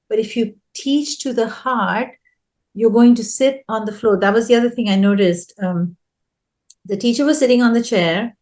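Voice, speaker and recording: A woman's voice: medium pitch, darkish tone. A woman guest in an interview, an early childhood education consultant explaining her advice earnestly and repeating key phrases for emphasis.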